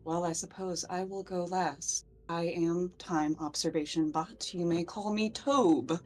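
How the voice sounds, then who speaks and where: A woman voicing a polite, formal robot who talks in stiff, deliberate phrases. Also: on the low side, steady tone, a little mellow, natural voice. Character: formal polite robot, dated lab machine.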